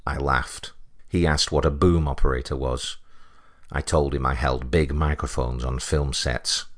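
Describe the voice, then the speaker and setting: A man with a British accent narrating a first-person story in a dry, deadpan way. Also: rumbling low, measured pace. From Britain.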